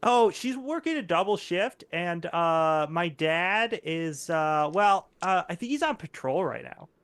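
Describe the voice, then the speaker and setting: A man voicing an excitable young boy who rambles and stumbles over fillers in a tabletop game. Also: high-pitched, unhurried, smooth, no room sound. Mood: chatty. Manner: breathless, stumbling, full of fillers.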